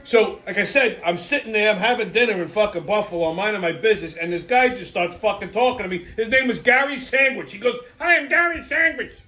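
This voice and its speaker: A man's voice: high voice, quick pace, hardly any pauses, pushed and bright, soft background music. A man hosting a weekly wrap-up show, ranting in a crude, exasperated comic style. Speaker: host. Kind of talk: profane comedic rant.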